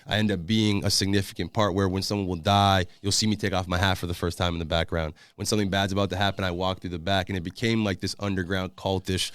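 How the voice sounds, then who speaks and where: Young male podcast guest from Massachusetts, rapid run-on storyteller, slightly low voice. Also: flat delivery, a bit bright, clean tone, no echo. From Massachusetts, USA. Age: young adult. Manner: rapid, run-on anecdotes with acted-out quotes. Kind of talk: casual storytelling.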